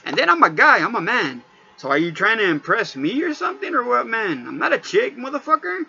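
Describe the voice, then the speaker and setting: Man, vlogger, heated cursing rant, high bright voice, dull lo-fi audio. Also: brisk, vocal fry, slightly rough. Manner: profane, heated, animated storytelling. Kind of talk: casual rant to camera.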